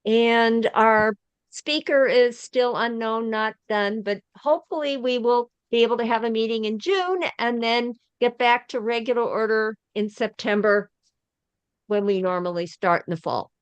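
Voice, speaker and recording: A woman giving her community group's update at a meeting in a measured, plain way. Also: fairly high pitch, clear, resonant tone, no room sound, lo-fi sound.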